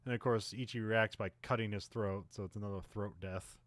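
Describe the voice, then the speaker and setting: A man's voice: fairly low pitch, fairly even intonation, a little fast, no echo. Rambling man recapping a movie. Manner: rambling, many fillers, acts out characters' lines. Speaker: podcast co-host. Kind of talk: casual movie recap chat.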